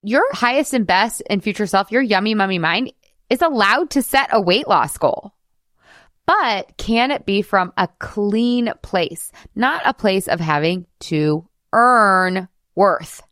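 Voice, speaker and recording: A woman's voice: medium pitch, lively intonation, slow pace, a bit bright, dry recording. Woman podcast host and coach, chatty and giggly, casual swearing, dry close-mic sound. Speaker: host, weight loss coach.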